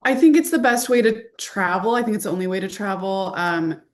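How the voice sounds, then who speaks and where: A woman guest on a podcast chatting casually and warmly over a video call. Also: mid-range voice, fairly quick. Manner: warm, friendly, laughs easily. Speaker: podcast guest, rally school strategy director.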